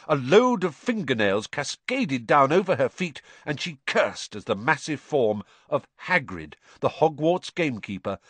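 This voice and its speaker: A man reading an audiobook in an animated storytelling manner. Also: mid-range voice, dry recording. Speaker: audiobook narrator. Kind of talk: scripted narration.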